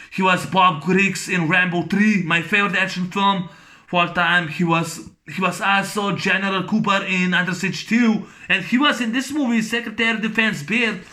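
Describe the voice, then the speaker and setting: A man reviewing a movie in a casual, rambling monologue, full of fillers and restarts, who breaks into excited sound effects and laughs as he recounts scenes. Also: high voice.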